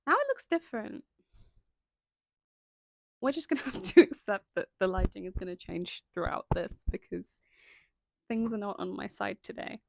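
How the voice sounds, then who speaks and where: A woman's voice: medium pitch, gravelly, darkish tone, no echo. A young woman narrating a scripted video essay, stopping now and then for chatty, self-conscious asides. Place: indoors at home, lighting changing.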